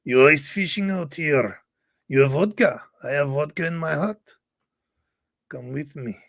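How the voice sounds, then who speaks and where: A man's voice: a little high, a little slow, creaky, a bit bright, dry recording, heavily acted. Guy doing a goofy russian ice fisherman bit, thick fake accent, dry close sound. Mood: menacing joke. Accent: mock Russian.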